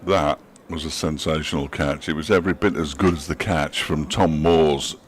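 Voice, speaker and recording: Deep-voiced dry-witted middle-aged man. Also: steady tone. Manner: dry, joking, unhurried. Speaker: cricket co-commentator. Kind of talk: relaxed sports commentary chat. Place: commentary box at a cricket ground. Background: faint crowd and ground ambience.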